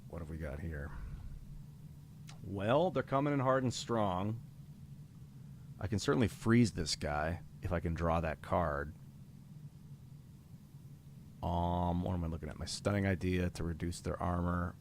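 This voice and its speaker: A man commentating his own card game on a live stream, thinking aloud about his moves in a casual, profane way and getting excited when thanking viewers. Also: deep voice, unhurried, long pauses, slight background noise. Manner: reads out donor names with rising excitement.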